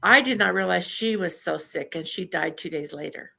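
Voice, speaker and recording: An older woman from Idaho, a podcast guest, telling stories in casual chat, animated, acting out what people said and laughing often. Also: on the low side, normal speed, vocal fry. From Idaho, USA. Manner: animated storyteller who laughs often and acts out quotes. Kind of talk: casual storytelling interview.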